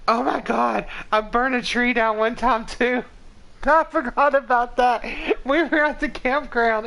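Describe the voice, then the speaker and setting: Heard through poor audio, a woman in her 40s with a slightly high, somewhat bright voice streams games and tells meandering stories to her chat. She often breaks into laughter mid-sentence and leans hard on the word "like".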